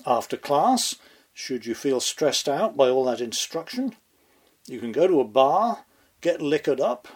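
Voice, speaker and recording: A man delivering scripted political commentary with dry, sardonic sarcasm and dramatic pauses. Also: medium pitch, darkish tone. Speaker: commentary host.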